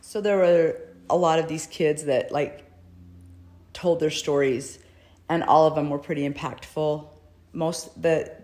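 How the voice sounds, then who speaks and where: A woman's voice: low voice, a little mellow. A middle-aged woman, a mother, speaking earnestly and emotionally in a personal video address, pleading for someone to do the right thing. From United States.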